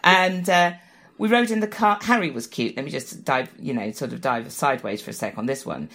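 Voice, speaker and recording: A woman's voice: a bass voice, animated, a little fast, fairly bright tone. A middle-aged woman telling a self-mocking story in a chatty interview, often laughing at herself. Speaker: guest telling an anecdote. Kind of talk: animated anecdote, chatty.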